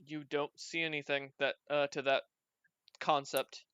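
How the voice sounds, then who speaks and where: A man's voice: fairly high pitch, little pitch movement, a little slow, pushed and bright, clean tone, no echo. A man narrating as game master of a tabletop game, bantering playfully with his players. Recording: dull lo-fi recording.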